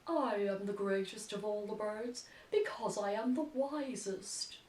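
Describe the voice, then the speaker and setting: A woman's voice: mid-range voice, a little slow, a little mellow, roomy sound, distant mic, lightly acted. An Irish woman voicing a wise owl in a children's storybook, speaking solemnly.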